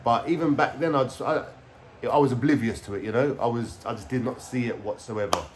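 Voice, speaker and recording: A young man with a London accent rambles through a story at home, full of street slang and swearing. He keeps stopping for fillers like "yeah?" and "you know?". His voice sits at an ordinary middle pitch. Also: a little fast, a little hiss or hum. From England. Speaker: vlogger. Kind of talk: casual storytelling to camera. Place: indoors at home.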